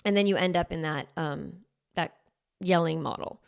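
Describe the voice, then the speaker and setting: A woman's voice: sits low, normal speed, gravelly, clean tone, dry recording, studio quality. A middle-aged woman coaching parents, speaking casually to camera in a chatty way with lots of "like". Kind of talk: casual talk to camera promoting a course.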